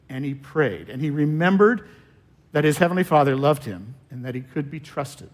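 Slow, measured male preacher. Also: fairly high pitch. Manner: slow, measured preaching with long pauses and trailing-off endings. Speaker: pastor. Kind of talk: sermon.

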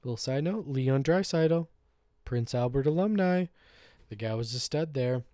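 A man's voice: medium pitch, animated, a little slow, dark tone, no echo, clean studio sound. A man hosting a solo podcast, chatting casually in a loose, rambling, joking way with some swearing. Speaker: podcast host. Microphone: podcast microphone.

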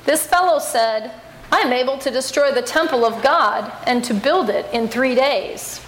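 A woman's voice: sits high, normal speed, a bit bright, roomy sound, a little hiss or hum, rough recording. A woman reading the accusing lines of witnesses, bystanders and a servant girl in a church Passion reading. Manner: accusing, pointed.

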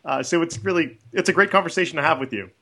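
A man's voice: fairly high pitch, quick pace, bright, forceful tone. A man co-hosting a podcast, asking the guest questions in an upbeat way. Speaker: podcast co-host. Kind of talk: casual podcast interview.

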